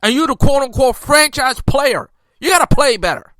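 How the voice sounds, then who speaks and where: Heated high-voiced man ranting about basketball. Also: lively intonation, moderate pace, pushed and bright, no echo, studio quality. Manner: heated, repetitive restarts, incredulous outbursts. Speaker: sports podcast host. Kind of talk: casual sports commentary.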